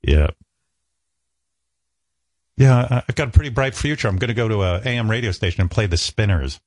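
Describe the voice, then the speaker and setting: A radio talk show host tells self-mocking comic stories and acts out other people's lines. His voice is fairly low and darkish with lively intonation, a slightly fast pace, and no room sound.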